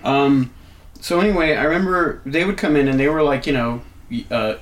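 A man's voice: medium pitch, fairly quick, a little hiss or hum. A man telling a story in casual chat, swearing freely and acting out the people he quotes. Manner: profane, animated, acts out quoted shouting. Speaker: wrestling show booker.

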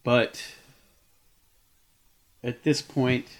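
A man's voice: mid-range voice, little pitch movement, extremely slow. A man in his thirties telling a heated story in casual chat, swearing often.

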